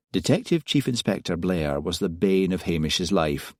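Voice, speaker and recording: A man narrating a mystery novel in a measured, even reading. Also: sits low, dry recording, clean studio sound. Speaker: audiobook narrator. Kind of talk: scripted narration.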